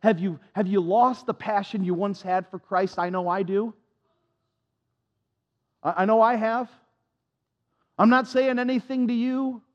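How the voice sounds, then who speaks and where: A man's voice: high voice, long reverb tail. A man preaching a sermon as pastor, impassioned and repetitive, with a self-deprecating touch, on a dull lo-fi recording.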